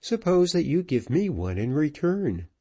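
A man's voice: on the high side, big pitch swings, unhurried, mellow, breathy edge, voice pushed up, full character voice. A man reading a novel aloud, voicing a good-humoured, easygoing fiddler. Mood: cheerful. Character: cheerful homely man, a fiddler.

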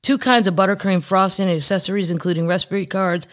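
A woman's voice: mid-range voice, steady tone, fast. A woman from Missouri hosting a casual podcast, chatting and joking while reading news stories aloud. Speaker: podcast host.

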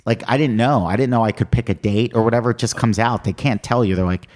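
A middle-aged male comedian telling animated stories in casual chat, acting out what people said. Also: fairly low pitch, fast. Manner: animated anecdotes with quoted voices. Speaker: comedian guest.

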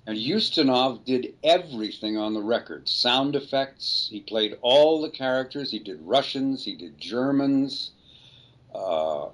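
An older man talks through his memories in a relaxed, meandering way as an interview guest. He pokes gentle fun at himself and circles back on his own words. His voice sits at an ordinary middle pitch for a man. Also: measured pace. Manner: rambling, reflective, self-deprecating. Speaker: voice actor guest. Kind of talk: casual interview storytelling.

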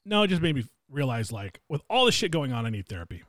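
A man co-hosting a podcast, telling a story in a casual, profane way that swings between loud and quiet. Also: mid-range voice, fast, no echo, studio quality. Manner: animated, swings loud and quiet, swears a lot. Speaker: podcast co-host.

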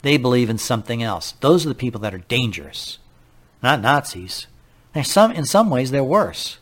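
Guy doing a talk radio monologue, fired up, lots of rhetorical questions, mid pitch. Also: normal speed. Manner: animated, incredulous, rhetorical questions.

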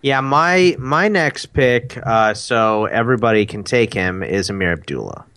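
A man in casual chat during a fantasy football draft, animated and easily exasperated. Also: mid-range voice, measured pace.

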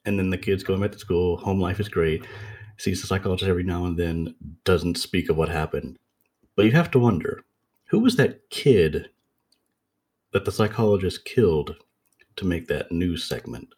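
Low husky man telling a story. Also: moderate pace. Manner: relaxed, rambling retelling with many filler likes. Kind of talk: casual storytelling chat.

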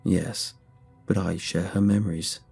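A man voicing a soft-spoken ancient mold spirit. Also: sits low, unhurried, creaky, slightly rough, soft background music, full character voice. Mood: calm, wistful. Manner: soft, calm, sighing. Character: ancient mold hive speaking through a dead dog.

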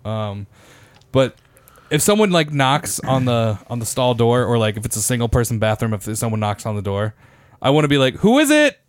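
A man's voice: mid-range voice, moderate pace, dry recording. A young man on a casual podcast, joking crudely and laughing as he tells stories. His voice is close to the mic and dry, with little room sound. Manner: swearing, laughing storyteller. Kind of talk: casual chat.

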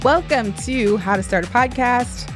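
A man's voice: very high voice, unhurried, over music. A podcast co-host in casual chat, teasing and joking with his partner.

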